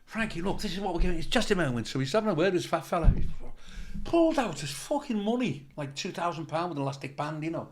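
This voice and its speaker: A man's voice: a little high, sing-song, quick pace. A male comedian telling stories in casual chat, swearing freely and acting out other people's voices. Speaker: comedian guest.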